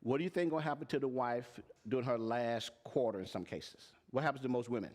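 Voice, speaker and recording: This live-streamed class on tax and payroll is led by a man with a medium-pitched, darkish voice and a quick pace. He's direct and emphatic, returning again and again to questions for his live audience.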